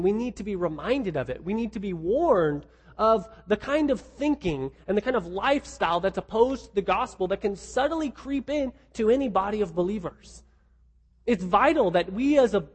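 High-voiced husky male preacher in a hall. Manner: emphatic, with frequent restarts and repeated words. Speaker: pastor. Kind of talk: sermon.

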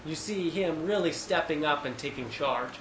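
A man with a slightly higher voice leads a relaxed Bible study, thinking out loud and restarting his sentences often. He livens up when he retells a scene. The room is echoey, with a faint hiss behind him. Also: normal speed. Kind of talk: casual Bible study teaching.

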